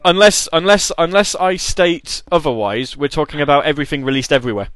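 A man's voice: a little high, fairly quick, a bit bright, no echo. A man hosting a casual online quiz over a voice call, often hesitating and restarting his sentences. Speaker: quiz host.

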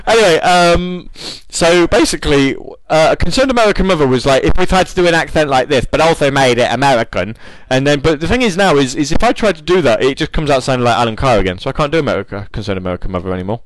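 A man's voice: fairly high pitch, expressive, quick pace, hardly any pauses, no echo, rough recording. A British man hosting an online radio show, rambling and joking at his own expense in casual chat. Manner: rambling, jokey, self-mocking.

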